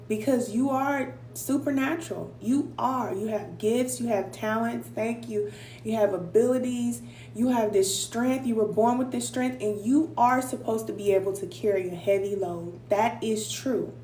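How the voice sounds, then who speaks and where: A woman with a voice on the high side, unhurried and dark in tone, addresses viewers directly in a motivational spiritual self-help talk. She's conversational yet emphatic, repeating short affirmations, recorded in an echoey room with a faint hum.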